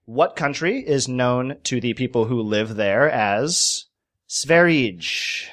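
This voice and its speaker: A man's voice: medium pitch, takes it slowly, a bit bright. A man hosting a quiz on a casual podcast, playful, spelling out words letter by letter. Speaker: quiz host.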